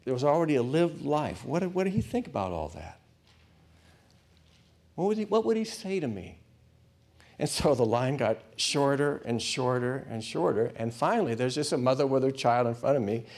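Male preacher telling a story, lively up and down voice, drops to almost a whisper then gets loud. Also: mid-range voice, normal speed. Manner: animated, swings between loud and hushed. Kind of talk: sermon storytelling.

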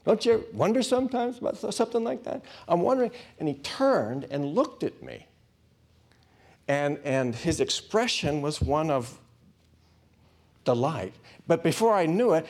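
A man preaching, telling a personal story, swinging between loud bursts and hushed asides. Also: a little high, very animated, normal speed. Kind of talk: sermon storytelling.

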